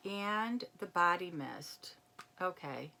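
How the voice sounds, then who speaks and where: A woman chatting casually as she unboxes a gift package, reading labels aloud and reacting with excitement. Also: on the low side, slow pace, creaky, a little hiss or hum. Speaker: unboxing vlogger. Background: crinkling packaging.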